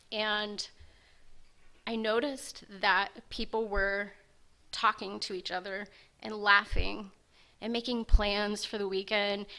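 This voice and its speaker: Bright-voiced woman telling her story. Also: medium pitch, smooth. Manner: candid, self-mocking storytelling. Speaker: speaker sharing recovery story. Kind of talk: personal recovery talk.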